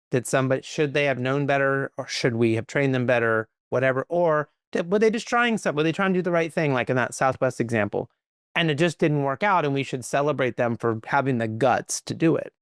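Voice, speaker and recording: A man, a podcast guest, telling stories in a lively conversational way, full of "like" and "right?". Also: medium pitch, smooth, no echo, studio quality. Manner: animated, quick, peppered with "like" and "right?". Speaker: podcast guest, company leader. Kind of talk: conversational storytelling.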